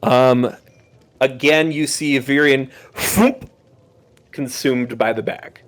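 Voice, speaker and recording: A man's voice: medium pitch, fairly even intonation, slow pace. A man running a tabletop game as game master, narrating with many ums and restarts. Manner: hesitant, filler-heavy narration with many restarts.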